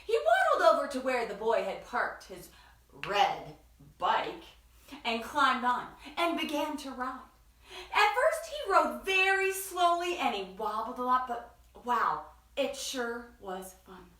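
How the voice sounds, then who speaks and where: Brief: woman storytime reader, high bright lively voice, unhurried, echoey room from a distance. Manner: expressive, animated, asks listeners questions. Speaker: teacher reading aloud. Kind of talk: storybook read-aloud.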